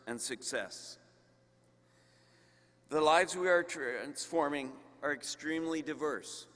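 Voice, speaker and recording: Male university leader, commencement address, unhurried, emphatic, long hall reverb. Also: mid-range voice, pushed and bright. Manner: slow, emphatic, with deliberate pauses. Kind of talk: commencement speech.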